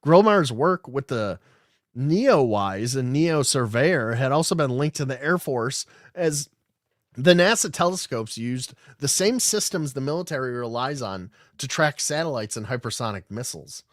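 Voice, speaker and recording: A man's voice: medium pitch, lively intonation, moderate pace, no room sound. Rambling sarcastic man, dry close mic. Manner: rambling, sarcastic, swears often. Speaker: podcast host. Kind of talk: casual live-stream commentary reading news aloud.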